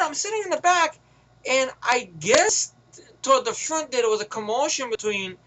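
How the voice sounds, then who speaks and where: A man's voice: on the high side, a bit bright, poor audio. A man telling a long, rambling, profane story about a movie trip, acting out the voices, recorded on a camera mic. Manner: profane, loose, acts out every voice. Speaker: movie reviewer. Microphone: camera microphone.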